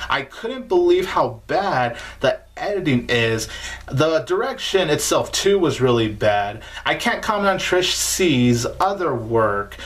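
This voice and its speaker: A man's voice: mid-range voice, a bit bright. A man giving a casual spoken movie review in an emphatic, informal way, often repeating himself for stress. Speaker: film reviewer.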